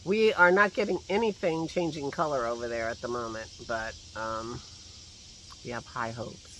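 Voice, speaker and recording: This is a casual vlog chat from a man in his garden, shot on a phone held at arm's length; he rambles, laughs to himself, and has a slight lingering cough. His voice is medium-pitched and fairly bright, with fairly even intonation at a normal speed, over a faint hiss or hum.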